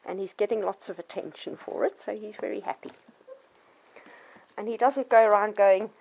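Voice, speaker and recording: A woman in middle age talks children and their parents through puppy training in a clear, patient voice. She sits at an ordinary middle pitch and sometimes breaks into sudden yelps or high children's voices to make a point. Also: steady tone, moderate pace, a little mellow, lo-fi sound, a little hiss or hum. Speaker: dog trainer. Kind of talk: instructional talk to children and parents.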